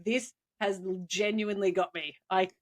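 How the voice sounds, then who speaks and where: A woman's voice: medium pitch, fairly even intonation, moderate pace. A woman co-hosting a casual podcast, reacting animatedly, joking and swearing. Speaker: podcast co-host.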